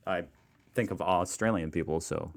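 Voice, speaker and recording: American male reaction host, deep and creaky, chatty. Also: moderate pace. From United States. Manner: chatty, self-deprecating, musing aloud. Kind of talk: casual reaction commentary.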